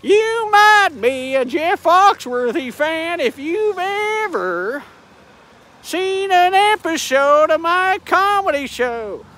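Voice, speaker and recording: A man putting on a hyped, folksy TV comedian's voice with drawn-out showman patter. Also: very high-pitched, sing-song, bright, forceful tone, pitched above the performer's own voice, full character voice. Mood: showman hype. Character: hyped folksy male TV comic, game-show pitchman.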